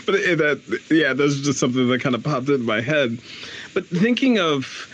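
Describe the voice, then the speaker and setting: A man's voice: on the high side, expressive, moderate pace, a bit bright, slight background noise, rough recording. A man hosting a podcast in a casual interview, talking enthusiastically with frequent laughter and restarts. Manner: enthusiastic, laughs often, many restarts and "like" fillers. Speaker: podcast host.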